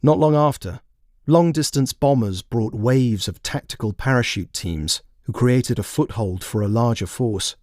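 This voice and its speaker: A man reading his own written story aloud in measured, plain scripted narration. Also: medium pitch, a little mellow, no room sound, studio quality. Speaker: author and narrator.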